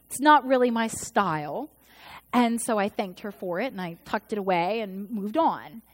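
A woman in her thirties, a pastor, preaching a sermon in a storytelling way and acting out the voices she quotes. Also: on the high side. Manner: storytelling, acts out quoted voices with shifts in loudness.

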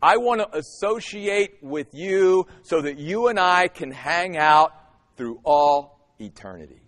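A man preaching a sermon as a pastor, emphatic and animated, with dramatic pauses. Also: on the high side. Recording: long hall reverb.

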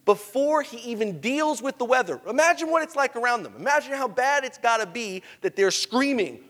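Preacher, male, high-pitched, animated storyteller, sermon in a hall with a long echo. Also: brisk. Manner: animated storytelling, swings between hushed and emphatic.

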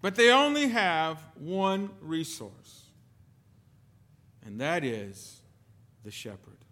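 A man preaching a sermon as pastor, telling stories with sudden swings between loud and soft. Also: sits high. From lived in the United Kingdom.

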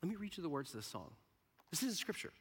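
High, bright-voiced preacher in a reverberant hall. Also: male voice, fast, husky. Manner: animated, swings from hushed whispers to loud bursts, laughs often. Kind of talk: sermon. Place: large hall with a live audience.

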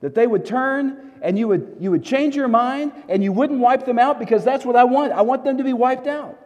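A man's voice: very high-pitched, moderate pace, darkish tone, voice pushed up. A man preaching in a large hall voices an angry, sulking male prophet who pleads in rising, strained outbursts. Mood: bitter complaint. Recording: long reverb of a large hall.

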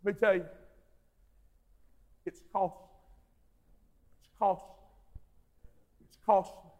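A man preaching a sermon, repeating phrases for emphasis and swinging between soft, intimate prayer and shouted exhortation. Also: high voice, big-room sound.

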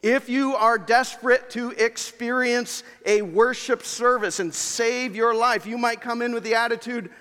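A man's voice: very high-pitched, fairly even intonation, measured pace, few pauses, pushed and bright, clean tone. A man preaching a sermon as pastor, talking conversationally and addressing the congregation directly, in a church sanctuary. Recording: long reverb of a large church hall.

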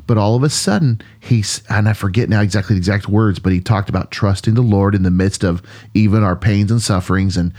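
Earnest pastor with a lowish voice. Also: male voice, brisk, a little mellow. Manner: earnest, musing, many restarts and "um"s. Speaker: pastor and podcast co-host. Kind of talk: conversational podcast storytelling.

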